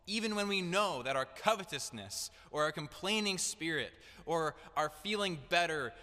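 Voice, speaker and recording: A man's voice: a little high, lively intonation, moderate pace, bright, forceful tone. A young man preaching a sermon in an earnest, direct way, building to emphatic declarations. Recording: echoey hall.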